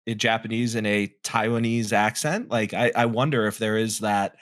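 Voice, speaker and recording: A man's voice: on the low side, fairly even intonation, moderate pace, fairly bright tone. A man co-hosting a podcast in casual group chat, rambling and correcting himself as he wonders aloud. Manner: rambling, self-correcting, curious. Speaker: podcast co-host.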